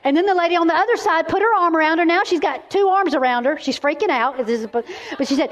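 With a very high voice and fast delivery, a middle-aged women's ministry speaker preaches an animated, emphatic sermon built around stories. She frequently restarts her words.

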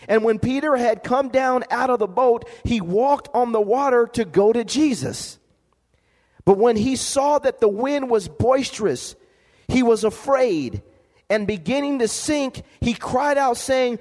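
A man with a very high voice preaches a sermon to his congregation. He calls for amens and repeats words as he drives each point home. His voice rings out with a long reverb, as in a church sanctuary. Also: normal speed, darkish tone. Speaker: pastor.

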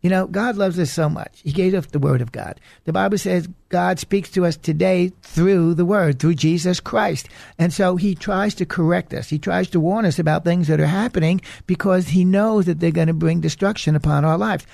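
A man's voice: high voice, normal speed, creaky, darkish tone, dry recording, clean studio sound. A man hosting a preaching program, delivering an earnest, emphatic warning message. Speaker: radio preacher and host. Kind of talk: preaching monologue.

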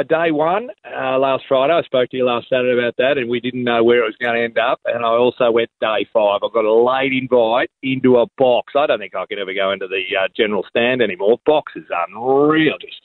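A man's voice: medium pitch, steady tone, a little fast, no room sound. An Australian man, a cricket commentator, chatting casually on radio, blokey and joking as he tells stories with enthusiasm. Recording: tinny phone line, dry.

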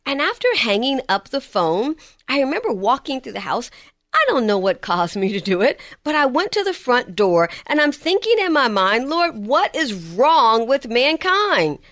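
A woman preaching a sermon, swinging between emphatic lines and hushed, slow ones. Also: a little high, sing-song, no echo, studio quality.

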